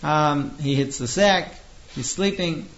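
A man's voice: fairly high pitch, a bit bright, dull audio. Man telling a story to a class. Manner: halting, with many fillers and restarts.

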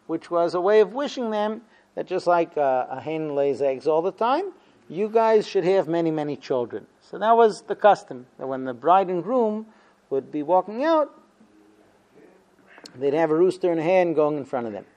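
A man with a fairly high but mellow voice tells a story to his class. He acts out the quotes with energy and pauses often on fillers. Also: muffled recording. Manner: animated storyteller, acting out quotes, many fillers. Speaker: teacher of a Talmud class. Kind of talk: storytelling lesson.

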